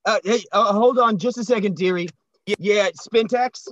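A man's voice: high-pitched, moderate pace, no echo, muffled recording, lightly acted. A man voicing a flustered, creepy man who stammers and wheedles.

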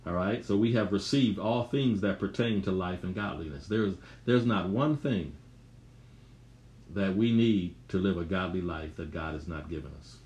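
A very deep-voiced man preaching a sermon in an echoing room. He repeats phrases emphatically and climbs higher when stressing a point. Faint ambient noise hangs behind him. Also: darkish tone.

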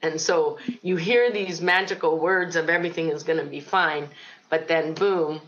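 A middle-aged woman from Ohio recounts her childhood in an interview, earnest and reflective, with frequent pauses and ums. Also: low-pitched, fairly even intonation, fairly bright tone, dull audio, slight background noise. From Ohio, United States. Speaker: guest telling her life story. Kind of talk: personal testimony in an interview.

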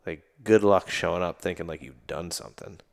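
A man with a very low, deep voice, speaking as a guest and army veteran. He tells stories in a loose, rambling way, with plenty of fillers and false starts. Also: fairly quick, vocal fry. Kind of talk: casual conversational storytelling.

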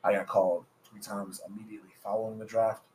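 A man's voice: lowish voice, little pitch movement, quick pace, darkish tone, slight background noise, rough recording. Laid-back young man chatting. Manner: laid-back, understated, with frequent restarts. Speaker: podcast co-host. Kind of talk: casual chat.

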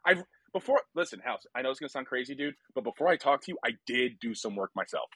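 A male comedian guest who chats in an animated way, laughing as he goes and acting out characters' lines. His voice is slightly husky, and his pitch moves around a lot. The recording is dry and close. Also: quick pace, dry recording. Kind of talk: casual comedic chat.

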